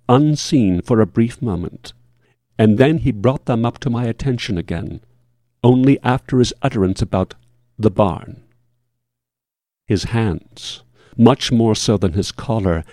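A man with a low, mellow voice reads a first-person horror tale in a measured, solemn way. The sound is dry and close, with no room around it. His formal delivery stays even and grave. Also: no echo. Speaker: narrator.

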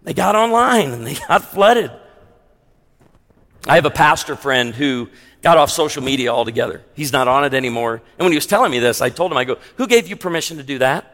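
A man's voice: medium pitch, animated, fairly quick, a bit bright. A man preaching a sermon as pastor, conversational with humorous asides. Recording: long hall reverb.

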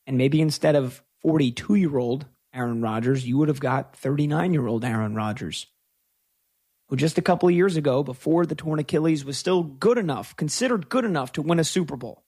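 A male sports radio host with a fairly high voice, arguing his opinions with emphatic, stretched-out words. He runs a call-in show and talks with conviction. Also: expressive, darkish tone, husky. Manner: opinionated, emphatic, with drawn-out stresses.

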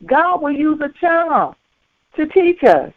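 A woman preaches at an unhurried, deliberate pace, circling back over the same phrases and punctuating them with amens. Her voice comes through narrow and tinny, like a phone line, with a dry sound and no room around it. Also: high-pitched, very animated, no echo. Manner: slow, repetitive preaching punctuated by frequent amens. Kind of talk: sermon.

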